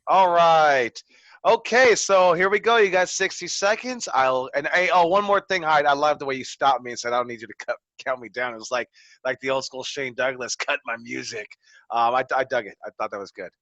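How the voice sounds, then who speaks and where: A man coaches a wrestling promo class with upbeat encouragement. His voice is bright and forceful, and the recording is dull and lo-fi. The sound is dry. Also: a little high, normal speed, dry recording. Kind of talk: class critique. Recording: dull lo-fi audio.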